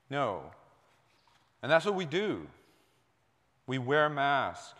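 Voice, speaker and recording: Pastor, male, mid-pitched voice, conversational sermon with big swings from soft to loud, long hall reverb. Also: lively intonation, slow, pauses often. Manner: conversational preaching, jumps between soft and loud. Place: church sanctuary.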